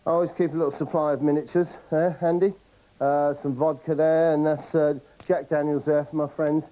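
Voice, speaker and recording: Male comic host, rambling and boastful to camera, a little high-voiced. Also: level tone, brisk, warm tone, rough recording. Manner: rambling, boastful, chatty with frequent "right?". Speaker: comedy show host.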